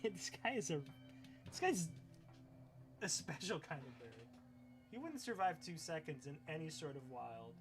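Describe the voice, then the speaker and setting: A man's voice: high-pitched, big pitch swings, normal speed, over music. A young man streaming live, reacting to clips in a profane, ranting, scoffing way.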